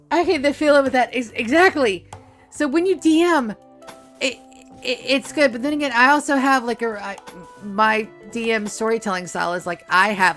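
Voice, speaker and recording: A woman's voice: a little high, normal speed, soft background music. A woman streamer chatting casually while playing a game, telling rambling, profane stories about running tabletop games. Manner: rambling, profane, animated storytelling.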